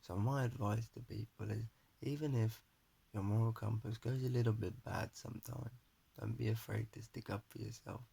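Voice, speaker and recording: A young man talking to a phone camera in his flat, giving a rambling, earnest personal monologue and pep talk. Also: on the low side, normal speed, gravelly, breathy edge. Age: young adult. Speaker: vlogger. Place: his flat at home, indoors. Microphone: phone camera held in front of face.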